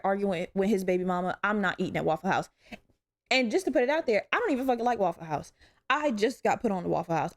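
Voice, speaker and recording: A woman in her twenties from Virginia hosting a solo podcast, talking casually and candidly with a lot of swearing. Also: medium pitch. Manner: candid, profane, animated storytelling. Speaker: podcast host.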